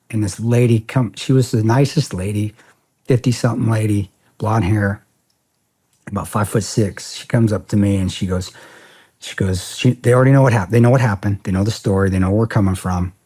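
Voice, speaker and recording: A man's voice: on the low side, steady tone, brisk, warm tone, breathy edge. A middle-aged man, a podcast guest, telling a story bluntly and casually, profane and rambling with restarts.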